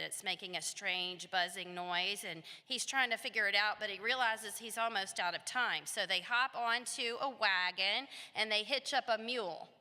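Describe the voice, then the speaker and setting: A woman teacher, telling a story to schoolchildren and asking them questions. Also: mid-range voice. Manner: animated, asks the children questions. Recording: long reverb of a hall.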